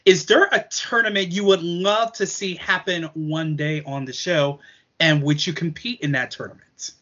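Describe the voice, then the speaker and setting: Bright-voiced man asking questions. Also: fairly high pitch, moderate pace. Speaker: podcast co-host. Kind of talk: casual interview questions. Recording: lo-fi muffled audio.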